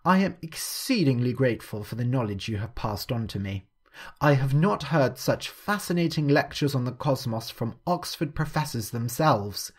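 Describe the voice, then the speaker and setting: A man voicing a courteous, earnest Victorian gentleman in a storybook reading. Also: medium pitch. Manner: formal, courteous.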